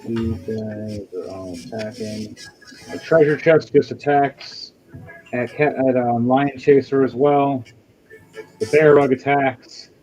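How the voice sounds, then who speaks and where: A man's voice: mid-range voice, darkish tone, poor audio. Chatty man running a tabletop game. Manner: chatty, halting with fillers. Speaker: game master. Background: music.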